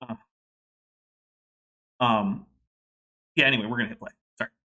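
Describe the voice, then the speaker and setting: A man's voice: medium pitch, fairly even intonation, moderate pace, bright, forceful tone. A man co-hosting a casual livestream, chatting and reading out viewer comments. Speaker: co-host.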